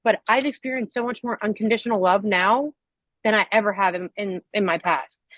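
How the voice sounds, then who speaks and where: This podcast host talks a little fast in a mid-range, fairly bright voice, keeping the conversation casual and candid. She comes across as earnest and reflective, with lots of "um" and "like." There's no room sound, though the recording is rough.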